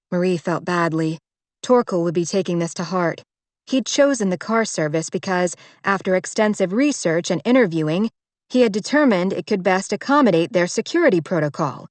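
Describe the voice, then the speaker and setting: A woman narrating a romance audiobook in a measured, even way on a close microphone. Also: lowish voice, no echo. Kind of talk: scripted narration.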